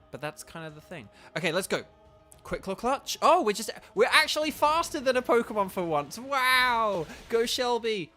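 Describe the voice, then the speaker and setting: A man's voice: a little high, pushed and bright. A man streaming a game, enthusiastic and rambling, with many fillers. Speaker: gaming streamer and voice actor. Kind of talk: casual gameplay commentary.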